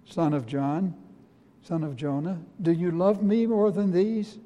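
A man in a sermon giving the words of Jesus, a calm and forgiving grown man, speaking slowly and tenderly. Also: high-pitched, lo-fi sound. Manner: slow, tender, quiet quoted speech. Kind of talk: quoted speech within a sermon. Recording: long reverb of a large hall.

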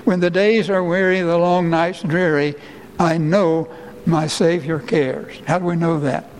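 A male pastor preaching a sermon, his voice rising and slowing when he quotes people crying out. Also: fairly even intonation, darkish tone, in a large hall, poor audio. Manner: rises in pitch and slows for quoted cries.

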